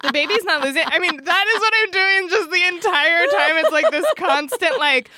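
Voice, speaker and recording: High bright woman co-host, animated, dry close sound. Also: normal speed, no room sound. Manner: animated, acts out her own thoughts in quotes. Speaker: podcast co-host. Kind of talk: casual chat.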